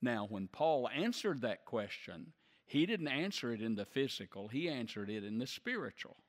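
A male pastor delivering a sermon, emphatic and slowing down to stress key words. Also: mid-range voice, big pitch swings. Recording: long reverb of a large hall.

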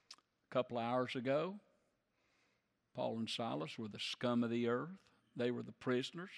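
A male pastor delivering a sermon, emphatic and slowing down to stress key words. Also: mid-range voice. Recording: long reverb of a large hall.

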